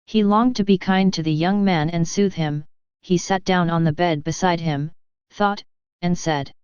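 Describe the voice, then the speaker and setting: A woman narrating an audiobook in a measured, even storytelling manner. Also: fairly low pitch, smooth, dry recording. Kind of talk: scripted narration. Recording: dull dry studio audio.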